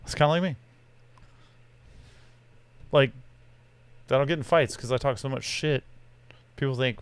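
A man's voice: medium pitch, a little slow, pauses often, smooth, no room sound. A man co-hosting a podcast, telling a rambling, profane story in casual chat. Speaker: podcast co-host.

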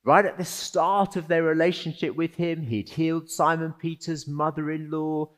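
A man preaching a sermon as pastor, conversational and animated, with rhetorical questions to the congregation. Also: a little high, moderate pace.

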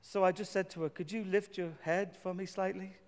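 A man's voice: high-pitched, flat delivery, brisk. A male pastor preaching a sermon, telling a personal story with self-deprecating humor and building to emphatic declarations. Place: church. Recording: reverberant church hall.

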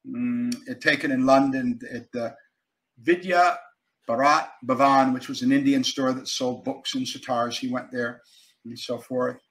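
An older man, a guest actor and author, telling stories in a casual interview, animated and emphatic, swinging between loud and quiet. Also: medium pitch, measured pace, low-quality recording.

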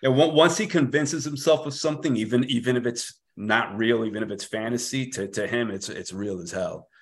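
A man with a New York accent, a musician talking as a podcast guest, speaking in a measured and halting way with many repeated words. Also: medium pitch. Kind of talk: casual conversation.

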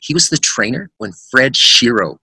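A middle-aged man, a musician guest, telling lively anecdotes in casual chat and acting out the voices of people in them. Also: mid-range voice, normal speed, vocal fry, husky, no echo. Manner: animated anecdotes with quoted voices.

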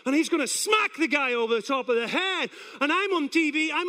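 A male preacher giving a sermon, telling stories in an animated way and acting out scenes. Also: extremely high pitch, a little fast, hardly any pauses. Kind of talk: sermon with storytelling.

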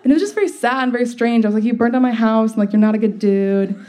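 A woman's voice: a little high, racing, dark tone. A young woman telling a personal story in a casual, chatty way, full of "like" fillers and wry laughs. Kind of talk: storytelling monologue.

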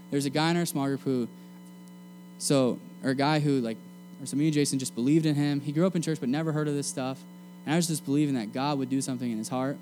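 A young man preaching a sermon to a room of students in a casual, energetic, slangy way. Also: medium pitch. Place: meeting room.

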